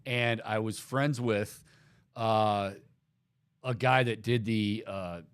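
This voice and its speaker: A man's voice: fairly low pitch, slow, clean tone, no echo, studio quality. A man hosting a casual sports talk show, laughing often and rattling off statistics. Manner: animated, laughing, rattles off stats. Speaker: sports talk radio host.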